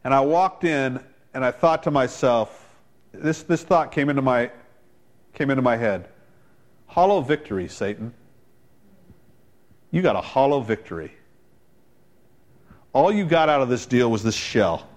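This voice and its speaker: A male pastor preaching a sermon, quoting people in quick voiced asides and building to loud, emphatic climaxes. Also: lively intonation. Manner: preaching with dramatic rises in pitch and volume; quotes others in voiced asides.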